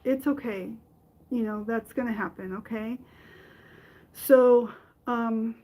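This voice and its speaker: A middle-aged woman hosting a podcast, telling a personal story in a halting way with many fillers and restarts. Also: fairly high pitch, mellow, poor audio. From from another country. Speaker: podcast host.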